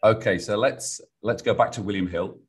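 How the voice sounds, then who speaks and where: A middle-aged British man, a guest on a business podcast, telling stories in a lively way and acting out what clients say. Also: on the low side, normal speed. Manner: animated storyteller, acts out clients' voices. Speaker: business sounding board.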